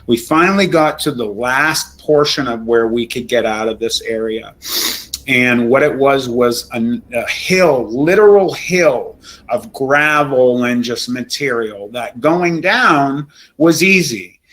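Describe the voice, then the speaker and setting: A man's voice: medium pitch, a bit bright, rough recording. Shaken middle-aged man recounting a scare. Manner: emotional, halting, many restarts. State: shaken, near tears. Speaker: storytelling guest. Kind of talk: recounting a true scary story.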